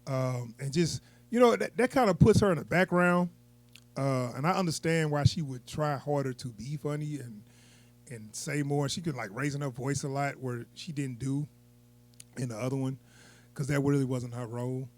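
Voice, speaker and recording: A man's voice: medium pitch, moderate pace. A man giving a casual, unscripted movie review, rambling and chuckling as he goes.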